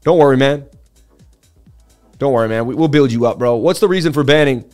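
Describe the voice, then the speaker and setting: A man's voice: mid-range voice, brisk, faint music behind. Chatty man hosting a livestream. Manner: chatty, excitable, with asides to viewers. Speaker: livestream host. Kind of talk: live market analysis, reading chat.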